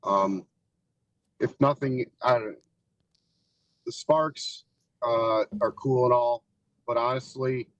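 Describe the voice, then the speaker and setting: A man's voice: mid-range voice, takes it slowly, long pauses, no echo, lo-fi sound. A man answering as a guest on a casual podcast, talking in a candid, reflective way with frequent "um" and "you know". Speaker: podcast guest, haunt actor. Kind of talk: casual interview chat.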